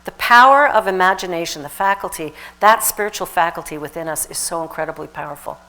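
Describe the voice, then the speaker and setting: A woman minister giving a lively, animated sermon, with sudden shouted exhortations and laughter. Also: lowish voice, fast, rough recording.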